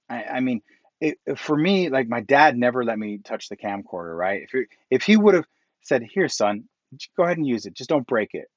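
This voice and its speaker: A man's voice: medium pitch, no room sound. Middle-aged male real estate coach, rambling motivational live-stream talk, dry muffled lo-fi sound. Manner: rambling, animated storytelling with self-quotes.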